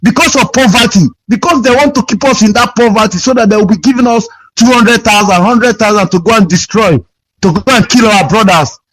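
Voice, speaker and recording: A man's voice: high voice, a little fast, fairly bright tone. A Nigerian man calling in to a radio show, complaining in an aggrieved, repetitive, pleading way over a phone line. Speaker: caller.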